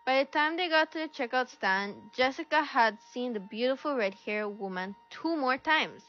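A woman's voice: high-pitched, lively intonation, normal speed, a bit bright. A woman reading a children's story aloud, shifting her voice a little for each character. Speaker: storybook reader. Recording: dull lo-fi recording with faint music.

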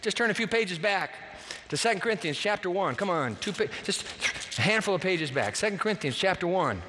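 A man's voice: high-pitched, animated, brisk, pushed and bright, in a large hall, slight background noise. A man preaching a sermon as pastor, with dramatic, emphatic delivery and big swings in his voice.

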